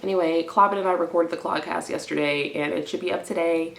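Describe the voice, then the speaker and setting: A young woman vlogging in a stressed, rambling confessional, swinging from low mumbling to loud indignant outbursts and slipping made-up words into her speech. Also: steady tone, fast talker, creaky. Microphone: camera in front of her. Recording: echoey room.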